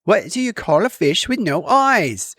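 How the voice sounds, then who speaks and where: A man's voice: high-pitched, very animated, a little slow, a bit bright, breathy edge, no room sound, voice pushed up, heavily acted. A man putting on a chirpy British AI. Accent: British, put on. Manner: weak imitation of an accent. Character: prim British AI assistant voice.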